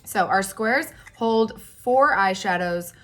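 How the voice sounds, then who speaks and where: A woman in her thirties chatting casually through a makeup tutorial at home, animated, with fillers and exclamations. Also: mid-range voice, slow pace, soft background music. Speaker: makeup vlogger.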